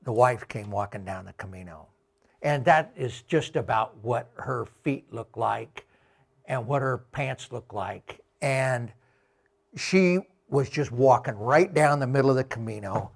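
A middle-aged man giving a talk with slides, telling travel anecdotes slowly with many fillers. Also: mid-range voice, creaky. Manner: slow, unhurried anecdotes with fillers. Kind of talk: storytelling talk.

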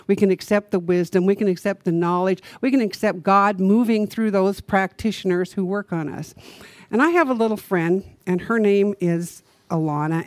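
A woman's voice: on the low side, darkish tone, no echo. Woman minister giving a conversational sermon. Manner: conversational, asks the congregation rhetorical questions. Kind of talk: sermon with storytelling.

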